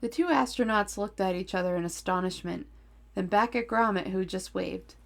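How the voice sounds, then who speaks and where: A woman's voice: mid-range voice, moderate pace, creaky. A woman reading a children's story aloud on a podcast, playful and teasing in her asides, into a desk microphone.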